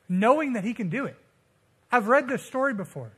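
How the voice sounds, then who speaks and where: This young man's casual sermon moves a little fast, with a breathy edge to a voice that's high for a man. He relaxes into a conversational style, spinning slang-filled stories and mimicking the people he quotes.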